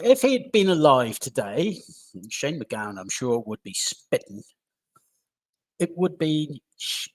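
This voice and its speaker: A man's voice: medium pitch, poor audio. A British man co-hosting a live stream, steadily reading out music deaths and birthdays with small asides. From United Kingdom.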